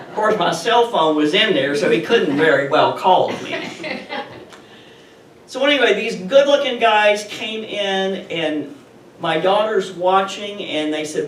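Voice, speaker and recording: Woman, storyteller, animated chatty retelling, roomy echo, faint background noise. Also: fairly low pitch, unhurried, recorded from a distance. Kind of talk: personal story told live to an audience.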